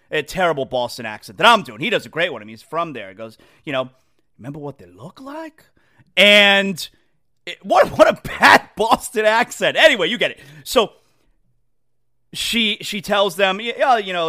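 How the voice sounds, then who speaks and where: A man hosting a sports talk show, rambling in an animated, casual monologue and often repeating himself. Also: sits high.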